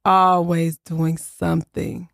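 A middle-aged woman, a guest on an interview show, tells family stories in a casual, animated way. Her voice has a gravelly edge, and she lifts her pitch sharply whenever she acts out what someone said. The recording is close and dry. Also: slow, dry recording. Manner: animated storyteller acting out quotes in higher voices. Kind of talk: casual storytelling.

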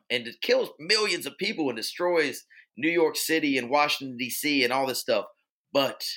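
A man's voice: mid-range voice, bright, forceful tone. A man co-hosting a casual movie chat, telling his stories in an enthusiastic, rambling way. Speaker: podcast co-host.

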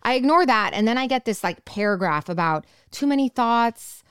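Podcast co-host, woman, clear resonant tone, animated sarcastic storyteller, dry close mic. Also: fairly high pitch, normal speed, dry recording. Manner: animated retelling, acting out quotes with sarcasm. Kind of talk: casual chat, storytelling.

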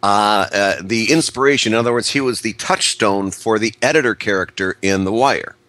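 A man with a low but bright voice, explaining things in a rambling way full of restarts. The sound is dry and close, with no room echo. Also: normal speed. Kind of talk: casual chat, explaining background.

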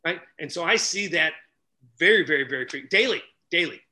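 A middle-aged man telling stories loudly on a podcast, acting out each character's lines as a relationship coach. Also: fairly high pitch, brisk. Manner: animated, loud, acts out dialogue. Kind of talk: energetic storytelling in casual chat.

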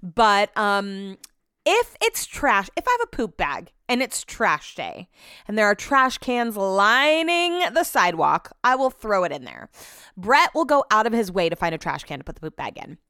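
Woman podcast host, young adult, chatty rambling storyteller, smooth clear voice, dry close sound. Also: medium pitch, big pitch swings, normal speed, bright, forceful tone, no echo. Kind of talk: casual chat.

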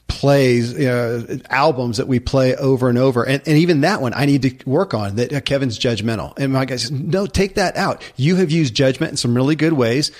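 A man hosting a podcast, with a voice of middling pitch. He talks in a reflective, conversational way, thinking out loud in casual chat. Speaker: podcast host.

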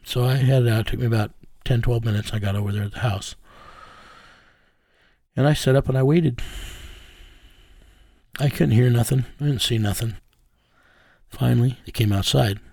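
A man's voice: medium pitch, moderate pace, vocal fry, pauses often, dark tone, dry recording. A man telling, in plain, folksy words, the story of a case he tracked as an investigator. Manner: plain-spoken, drawling, folksy phrasing. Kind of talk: casual first-person storytelling.

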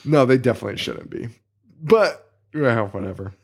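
A man's voice: medium pitch, normal speed, creaky. A man co-hosting a podcast, talking casually and ranting with a lot of swearing. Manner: profane, ranting, animated. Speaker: podcast co-host. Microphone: studio microphone.

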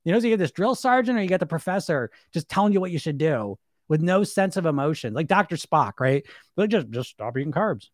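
A man with a fairly high voice talks off the cuff on a live stream, coaching listeners about weight loss. He rambles and presses his points hard, laughs often and slips into mocking imitations. The sound is dry and close, with no room around it. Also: lively intonation, fast talker, few pauses, no echo. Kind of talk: casual live-stream talk.

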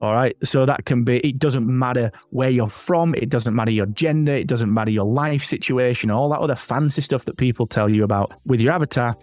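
Animated rambling man. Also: medium pitch, brisk, few pauses, no echo. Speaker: podcasting expert guest. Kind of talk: casual interview advice.

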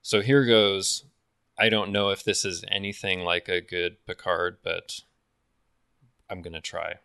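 A man's voice: sits low, fairly even intonation, a little slow, sharp tone, clear, resonant tone, no room sound, studio quality. A man co-hosting a podcast in casual chat, enthusiastic and self-deprecating, often restarting his sentences. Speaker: podcast co-host.

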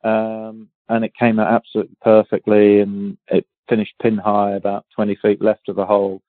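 A man's voice: lowish voice, monotone, normal speed, no echo. Englishman telling stories down a phone line. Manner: rambling, many restarts and fillers, laughs easily. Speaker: guest golfer. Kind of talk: casual interview storytelling. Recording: tinny phone-line sound, dry.

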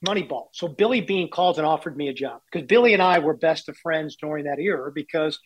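A man's voice: a little high, fast talker, slight background noise, rough recording. A man in his sixties, a baseball executive telling candid, self-deprecating stories in an interview. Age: 60s. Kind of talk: storytelling interview.

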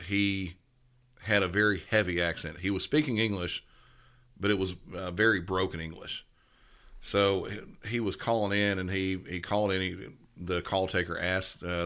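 Podcast co-host, male, deep and bright-edged, casual anecdotes with stops and restarts. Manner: halting, many restarts and fillers. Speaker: podcast co-host, police dispatcher. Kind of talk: casual storytelling.

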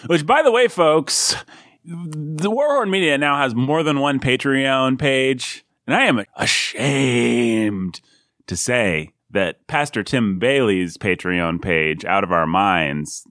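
A man's voice: mid-range voice, animated, slow, fairly bright tone, no room sound, studio quality. A man hosting a casual book podcast, teasing his guests and laughing often. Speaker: podcast host.

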